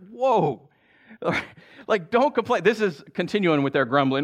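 A man preaching a sermon in a conversational way, with quick asides and laughter. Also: a little high, sing-song. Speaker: pastor.

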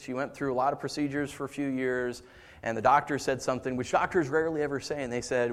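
A man preaching a sermon as pastor, moving between quiet storytelling and raised, impassioned passages. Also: medium pitch, fairly even intonation, fairly quick.

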